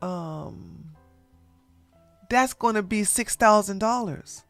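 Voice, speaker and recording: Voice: mid-range voice, slow, a bit bright, dry recording, faint music behind. A YouTube drama commentator giving blunt, repetitive ranting reaction commentary into a close mic.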